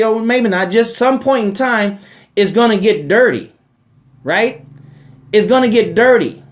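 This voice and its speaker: A man hosting a live question-and-answer talk about money, speaking emphatically in a preachy way, repeating phrases and tagging lines with rhetorical "right?" asides. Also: sits high.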